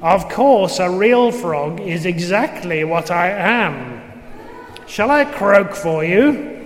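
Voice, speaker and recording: A man voicing a giant, imposing male frog who speaks slowly, formally and courteously, in a room with a long echo. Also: high voice, animated. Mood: earnest. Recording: roomy with long reverb, faint noise.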